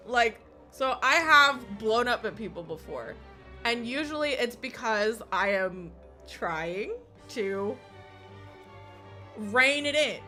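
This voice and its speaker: A woman's voice: a little high, animated, slow, pauses often, sharp tone, faint music behind. A woman streamer chatting casually while gaming, swearing constantly and laughing often as she rants. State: recovering from illness.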